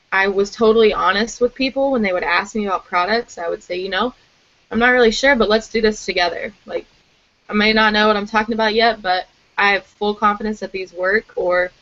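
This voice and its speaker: A woman's voice: mid-range voice, a bit bright. A young woman chatting candidly to a group on a call, with lots of fillers. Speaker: team member sharing advice. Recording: muffled lo-fi call audio.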